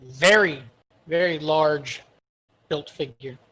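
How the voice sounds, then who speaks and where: A man narrating a tabletop fantasy game as game master, unhurried and descriptive, with fillers. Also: a little high, sharp tone, muffled recording.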